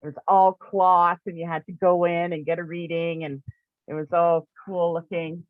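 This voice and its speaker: Her voice is fairly low and flat, at a normal speed with no echo, as this eastern Canadian spiritual shop owner and teacher from the New Brunswick area recounts a personal story. She's chatty, laughs often and uses "like" constantly, over a dry, narrow, phone-like recording.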